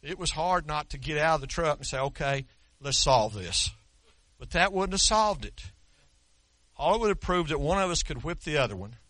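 A man's voice: a little high, animated, brisk, bright, forceful tone, no room sound. A man, preaching a sermon as pastor in a folksy, storytelling way with touches of humor. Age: 60s.

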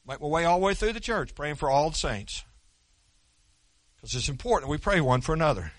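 Okie preacher guy, folksy and chatty, slightly high bright voice, dry sound. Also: animated, no echo. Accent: Oklahoma. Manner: folksy, conversational, quick with restarts. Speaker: pastor. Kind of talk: sermon.

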